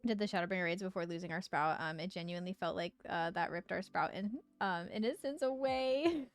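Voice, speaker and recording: A woman's voice: fairly low pitch, brisk. A young woman chatting casually on a live game stream, bubbly and giggly as she reads chat aloud.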